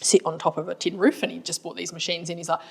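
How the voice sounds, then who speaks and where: An Australian woman with a somewhat low voice chats casually on a business podcast. She is blunt and colloquial, and she strings her advice into stories. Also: level tone, quick pace, gravelly, breathy edge. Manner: chatty storyteller, blunt and colloquial. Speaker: marketing agency owner and podcast co-host.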